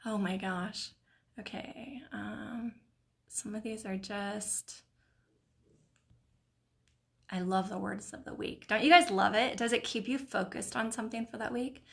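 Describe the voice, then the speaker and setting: A middle-aged woman hosting a live video stream, reading viewers' comments aloud in a warm, encouraging, emotional way. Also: medium pitch, steady tone, a little slow, creaky, long pauses. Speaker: host of a live mindset stream.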